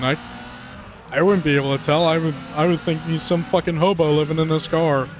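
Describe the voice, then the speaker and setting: A man giving casual, profane commentary over a racing game, rambling and ranting with animated outbursts. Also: a little high, a little fast, slight background noise. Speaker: gaming commentator. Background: game music and car engines.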